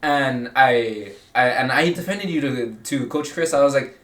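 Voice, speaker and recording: Teen boy co-host, casual, rambling storyteller, mid-pitched, heard a bit off-mic in an echoey room with faint hiss. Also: fairly bright tone, recorded from a distance. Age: teens. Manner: rambling, halting storytelling with many restarts. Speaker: podcast co-host. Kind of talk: casual chat among friends.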